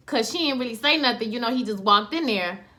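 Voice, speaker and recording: A woman giving a casual, animated episode recap, slangy and acting out scenes in quoted voices. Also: fairly high pitch, fast talker. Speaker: TV show reviewer.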